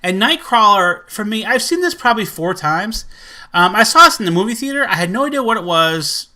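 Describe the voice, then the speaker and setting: A man chatting casually in a collection vlog, rambling and excitable, full of fillers. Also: high-pitched, fairly quick. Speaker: movie collector vlogger.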